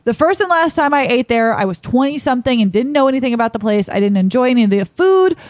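A fairly high-voiced woman co-hosts a casual talk show, reading online posts aloud. She is chatty and breaks into laughing asides. The sound is dry and close. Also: expressive, fast, a little mellow, dry recording. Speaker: co-host.

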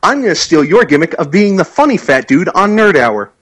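Husky man with a lively sardonic voice. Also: on the high side, brisk, rough recording. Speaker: podcast co-host. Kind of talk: casual banter.

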